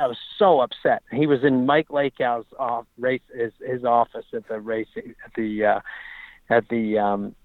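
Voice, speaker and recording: Man, casual storytelling guest, halting restarts, animated, dry dull lo-fi sound. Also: medium pitch, no room sound. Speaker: racing writer and guest.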